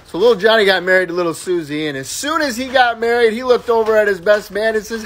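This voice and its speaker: Man, middle-aged, joke teller, animated pitch, laughs at own jokes. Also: quick pace. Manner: lively storytelling, laughs at his own punchlines. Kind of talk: telling dirty jokes.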